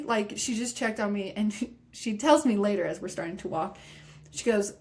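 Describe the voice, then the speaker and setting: A woman guest on a podcast, telling a story in a lively way and acting out the voices of people she quotes. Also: mid-range voice, moderate pace. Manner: animated, acts out quoted voices. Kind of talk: casual storytelling interview.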